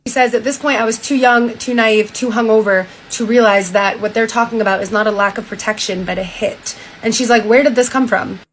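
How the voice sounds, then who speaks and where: A woman's voice: a little fast, few pauses, a little hiss or hum, poor audio. Casual woman streamer retelling a story. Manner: retells quotes in a flat, lowered voice, casual filler "like". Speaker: streamer reading a diary aloud.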